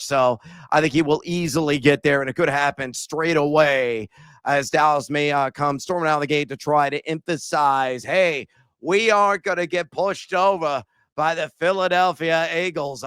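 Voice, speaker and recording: A hyped-up man from Illinois running through betting picks in a high, excitable voice. He swings into playful shouts and joking asides. The sound is dry and close, with no room around it. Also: smooth, no echo. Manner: exuberant, hyped, bursts into shouting; playful, sprinkles joke phrases. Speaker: sports betting podcast co-host. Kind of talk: casual betting picks chat.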